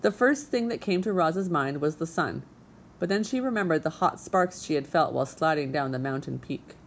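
Low-voiced woman narrating a storybook. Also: expressive, normal speed, a little hiss or hum. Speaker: audiobook narrator.

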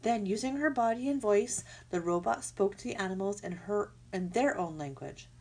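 A woman reads a storybook aloud with lively, expressive delivery. Her voice has a soft husky edge and sits in a middle pitch. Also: normal speed. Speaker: narrator.

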